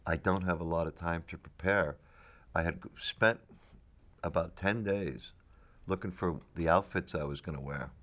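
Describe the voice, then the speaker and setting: A middle-aged man, an actor being interviewed casually, speaks in a low, slightly bright voice. He tells rambling stories, restarting and laughing along the way.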